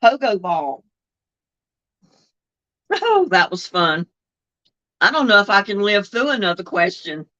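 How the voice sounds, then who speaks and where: A woman's voice: mid-range voice, sing-song, moderate pace, bright, forceful tone. An older woman, chatting as host of a live-streamed trivia session, reading questions aloud and answering viewers' comments. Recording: dull lo-fi stream audio.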